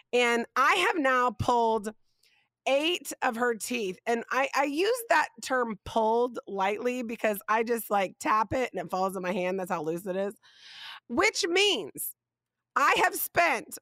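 A woman, hosting a podcast and telling a funny family story in a casual, animated way. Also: a little high, dry recording. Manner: animated, laughing, rising emphasis on punchlines. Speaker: podcast host.

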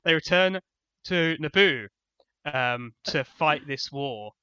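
A man's voice: a little high, animated, slow, sharp tone, clean tone, dry recording, highs cut off. A man co-hosting a casual comedic film review, dry and sarcastic, hesitating with ums, from England. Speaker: podcast co-host.

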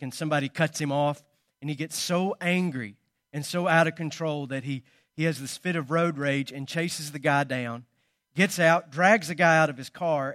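A male pastor preaches in a fairly high voice, telling stories with loud punches and soft asides. The sound is close and dry, with no room echo. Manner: storytelling, swinging between loud emphasis and quiet asides. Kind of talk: sermon.

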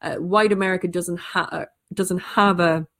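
An Irish woman who tells stories, chatting casually in quick, animated bursts with frequent restarts. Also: on the low side. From Ireland. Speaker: storyteller. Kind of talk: casual conversation.

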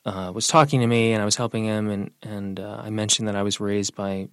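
A young man in an interview, talking casually and telling personal stories, relaxed and lively when quoting other people. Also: fairly low pitch, a little fast, smooth, no echo. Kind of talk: casual conversational storytelling.

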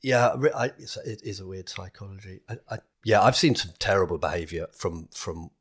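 A stand-up comedian talking casually on a podcast in a low voice. He rambles, circles back on his words and acts out other people's voices in his stories. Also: fairly quick, breathy edge.

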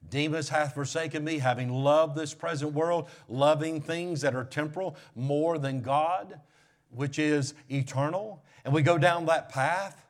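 Preaching man, loud then hushed. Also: fairly high pitch, a little slow. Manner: preaching with swings from loud raised emphasis to hushed near-whispers. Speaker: pastor. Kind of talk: sermon.

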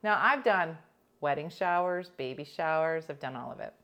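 Middle-aged lady w a philly on morning radio, kinda low voice, chatty, lots of "like". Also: moderate pace, lo-fi sound. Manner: chatty, animated, peppered with "like" and laughs. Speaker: morning show host and comedian. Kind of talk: casual chat, storytelling.

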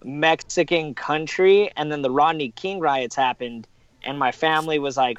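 Joking, higher-voiced man, dry close sound. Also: normal speed, a bit bright, no echo, dull audio. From Southern California. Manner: joking, profane, stumbling restarts. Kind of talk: casual chat.

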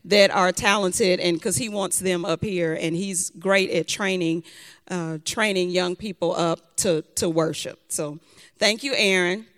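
A woman's voice: fairly low pitch, steady tone, measured pace, fairly bright tone. A woman giving chatty thank-yous to an audience in a church, sometimes tripping over names. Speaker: event speaker giving thanks. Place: church hall. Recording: long hall reverb.

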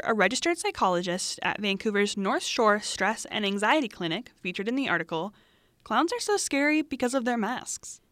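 A woman's voice: a little high, fairly bright tone, dry recording. A young woman hosting a student podcast, reading a script with wry asides to the listener. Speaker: student podcast host and reporter.

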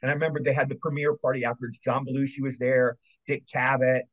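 Fast-talking husky older man. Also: mid-range voice, level tone. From Maryland, USA. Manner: rambling, eager anecdotes with restarts. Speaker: guest actor. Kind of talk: casual storytelling interview.

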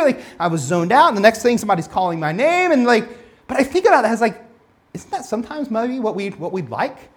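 A young man giving a relaxed, conversational sermon. He tells personal stories in a chatty style, often restarting sentences and leaning on fillers as he goes. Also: extremely high pitch, fast. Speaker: preacher.

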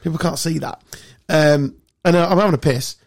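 A man with a fairly high voice, chatting casually as a podcast host. He swears freely and tells his stories with a lot of energy. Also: fairly quick. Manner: swearing, animated storytelling. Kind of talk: casual chat.

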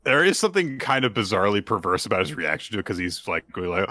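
Lower bright-voiced joking man. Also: animated, dry recording. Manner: joking, recapping with quick acted quotes. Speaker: podcast co-host. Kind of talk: casual manga discussion.

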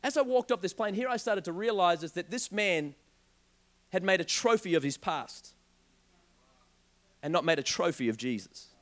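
A young man preaching a sermon, telling a joking personal story in an animated way. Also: high voice, moderate pace, long pauses. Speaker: pastor.

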